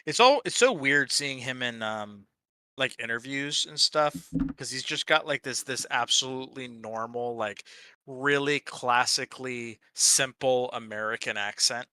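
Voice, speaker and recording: Bright-voiced man chatting casually. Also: medium pitch, a little slow, clear, resonant tone, dry recording. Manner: rambling, many fillers, blanks on names. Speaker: co-host on a hobby stream. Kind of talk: casual chat.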